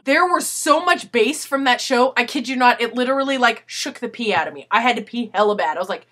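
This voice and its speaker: Animated high-pitched young woman. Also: brisk. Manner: animated, swearing, acts out quotes. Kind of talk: casual storytelling video letter.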